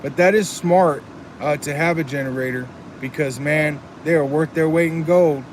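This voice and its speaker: A man's voice: fairly high pitch, steady tone, normal speed, slight background noise. A man chatting casually on a live stream, earnest and rambling, reading chat comments aloud. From Texas.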